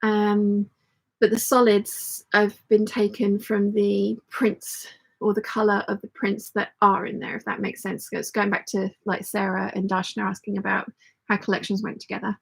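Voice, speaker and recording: A woman's voice: mid-range voice, monotone, moderate pace, gravelly, husky, poor audio. A woman hosting a casual sewing live stream, chatting and rambling as she thinks aloud and answering viewer comments. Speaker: sewing channel host.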